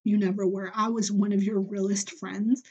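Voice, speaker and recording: A woman's voice: mid-range voice, flat delivery, moderate pace, dark tone, slightly rough, highs cut off. A young woman hosting a solo podcast, venting bluntly and heatedly with lots of profanity. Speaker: podcast host.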